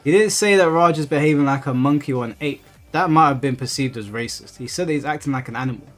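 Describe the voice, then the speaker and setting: An Englishman with a slightly high voice talks fast while hosting a gaming livestream, with soft music playing behind him. He reads viewer messages and chats with them bluntly and profanely, retelling things in an animated way.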